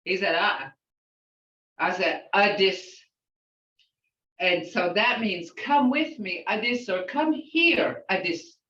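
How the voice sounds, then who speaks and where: Older female language teacher, slow and patient, sounds out syllables; distant, echoey, muffled recording. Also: mid-range voice, fairly bright tone. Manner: sounds words out syllable by syllable, chatty asides. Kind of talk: language class instruction.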